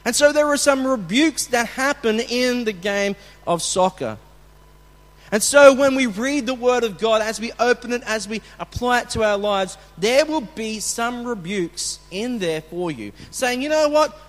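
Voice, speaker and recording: High-voiced pastor preaching in a hall. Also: male voice, measured pace. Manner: conversational, with restarts and acted coach shouts. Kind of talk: sermon. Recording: long hall reverb.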